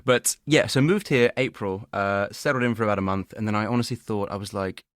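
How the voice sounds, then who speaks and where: Young Australian man, lively and laughing. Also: brisk, dry recording, studio quality. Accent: Australian with a tinge of English. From Australia, born and raised in Sydney. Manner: lively, laughs often, pitch jumps high when excited. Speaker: podcast guest, actor. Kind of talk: casual chat.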